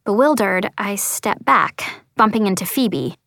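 A woman's voice: mid-range voice, expressive, a little slow, gravelly, pushed and bright, dry recording, studio quality. A woman reading a first-person story as an audiobook narrator, earnest and lightly voicing the dialogue.

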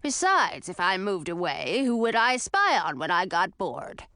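A woman voicing a grouchy, spiteful old female witch with a rough, gravelly, low growl. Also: big pitch swings, measured pace, bright, forceful tone, no echo, heavily acted. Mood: gruff. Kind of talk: audiobook character voice.

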